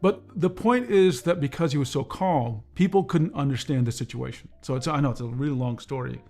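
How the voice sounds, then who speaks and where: A man hosting a casual livestream, reading viewer comments and talking in a calm, measured way. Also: mid-range voice, faint music behind. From United States. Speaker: livestream host.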